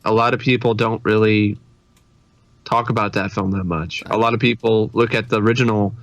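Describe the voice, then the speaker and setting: A man's voice: fairly low pitch, steady tone, a little fast, dull audio. A man co-hosting a podcast in casual chat, laughing often. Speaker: podcast co-host.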